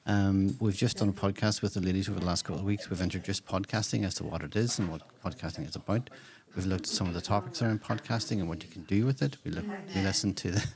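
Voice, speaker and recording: A man's voice: sits low, fast, creaky, hardly any pauses. A man hosting a casual community podcast interview, rambling through restarts and fillers. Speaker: podcast host and digital hub coordinator. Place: community centre room. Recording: background chatter of a group.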